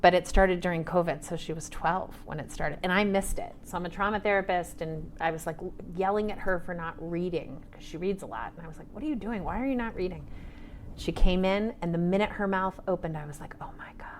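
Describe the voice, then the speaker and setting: A woman's voice: on the low side, steady tone, a little fast, few pauses, a little hiss or hum. A woman in her forties, an author and trauma therapist, talking animatedly on a panel and dropping to whispers for asides. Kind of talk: casual panel conversation.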